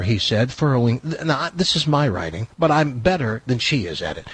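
A middle-aged man hosting comic talk radio, his voice a little husky and breathy. He reads aloud in a mocking, theatrical way and breaks off for sarcastic asides. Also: medium pitch, sing-song, fairly quick, few pauses, fairly bright tone. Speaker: radio talk show host.

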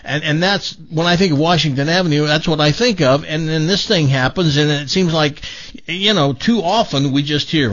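A middle-aged man hosting a radio show, chatting casually and telling stories in an animated way. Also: normal speed. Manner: animated storyteller, lively pitch. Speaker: radio host. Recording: dull lo-fi radio broadcast.

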